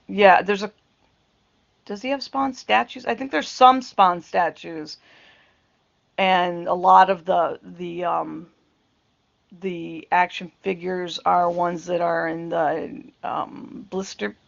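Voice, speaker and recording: A woman's voice: lowish voice, vocal fry, a bit bright, dull audio. A middle-aged woman talking to camera in a rambling, casual way, often breaking into laughter and trailing off into asides. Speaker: vlogger. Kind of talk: casual chat.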